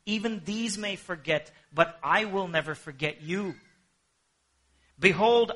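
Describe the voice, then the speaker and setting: Husky high-voiced guy preaching, goes soft then loud. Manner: animated preaching, swinging between hushed and emphatic. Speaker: pastor. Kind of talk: sermon.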